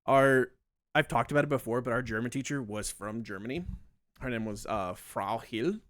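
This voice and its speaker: A man's voice: medium pitch, moderate pace, fairly bright tone, no echo, clean studio sound. Rambling man streaming a game. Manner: thinks aloud, rambling with many fillers. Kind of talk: casual live-stream chat while gaming.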